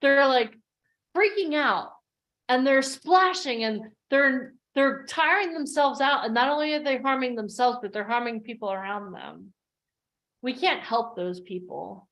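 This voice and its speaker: A woman with a fairly high voice gives a motivational coaching talk over a video call. She tells stories with animated energy and acts out the voices of the people in them. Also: a little slow. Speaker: coach hosting an online workshop.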